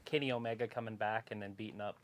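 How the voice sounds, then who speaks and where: A man's voice: fairly low pitch, fairly even intonation, fast. A man co-hosting a casual livestream watch-along, tossing out offhand, laid-back opinions.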